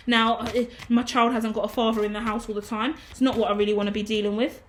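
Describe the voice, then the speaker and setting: A woman's voice: on the high side, flat delivery, quick pace, few pauses, a little hiss or hum. A woman giving a casual tarot reading, emphatic and preachy, swearing freely. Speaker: tarot reader.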